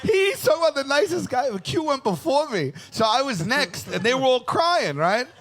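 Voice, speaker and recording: A man's voice: very high voice, normal speed, a little hiss or hum. A man in his forties telling funny stories as a guest on a live podcast, joking and mocking himself. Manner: animated, joking, self-mocking. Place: live show on a cruise ship.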